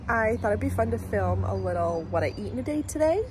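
A woman's voice: on the high side, quick pace, background noise. A congested woman in her thirties, chatting casually as she vlogs her day and laughing often. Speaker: vlogger. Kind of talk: casual vlog narration.

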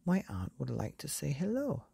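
A woman voicing a spoiled young boy who shouts orders, in a bedtime story. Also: sits low, wildly swooping pitch, normal speed, vocal fry, husky, no room sound, exaggerated voice. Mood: bossy. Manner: bossy and shouting.

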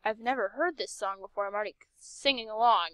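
A woman's voice: medium pitch, a little fast, fairly bright tone, dry recording. Chatty, sarcastic woman playing a game. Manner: chatty, sarcastic, talks to herself. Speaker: game streamer. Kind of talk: casual game commentary.

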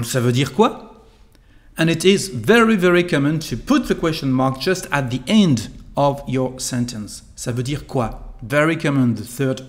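Tutor man explaining phrases. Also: mid-range voice. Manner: clear, deliberate explanation with repeated model phrases. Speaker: online French tutor. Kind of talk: language lesson.

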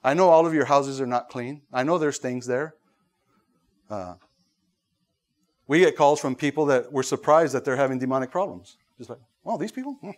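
A man preaching a sermon as pastor, animated, acting out voices, with fillers and restarts. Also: mid-range voice, normal speed, pauses often.

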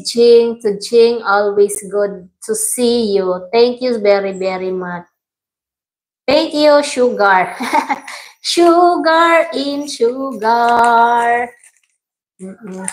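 Slow-talking woman hosting a live stream. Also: a little high, poor audio. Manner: chatty, thanks viewers by name, laughs often. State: strained throat. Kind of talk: casual live-stream chat, reading viewer comments aloud.

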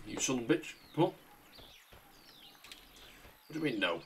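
A man's voice: medium pitch, big pitch swings, moderate pace, creaky, a little hiss or hum. A man giving wry, sweary commentary while playing a game. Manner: sweary, wry, talking to himself. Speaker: streamer. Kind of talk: casual gameplay commentary.

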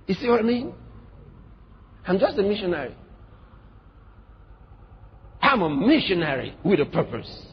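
A pastor in full sermon mode, his husky voice pitched high and ranging freely as he acts out other people's words. The sound is dull and lo-fi, with the long ring of a large hall behind him. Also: sing-song, a little fast, pauses often. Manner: emphatic preaching with rhetorical questions and quoted voices.

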